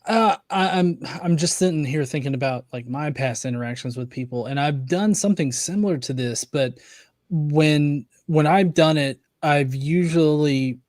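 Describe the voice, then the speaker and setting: A man's voice: on the high side, normal speed, darkish tone, dry recording, clean studio sound. A man hosting a podcast, asking a thoughtful question while searching for his words. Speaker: podcast host. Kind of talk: conversational interview.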